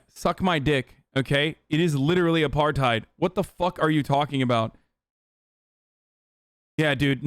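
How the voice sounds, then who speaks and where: A man's voice: medium pitch, clean tone, dry recording, studio quality. A man streaming casual, profane commentary on an interview, blunt and heated, with many fillers.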